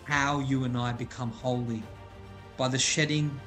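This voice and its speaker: A man preaching a sermon as pastor, stressing key words, slowing down on them and repeating phrases. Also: medium pitch, steady tone, fairly bright tone, faint music behind.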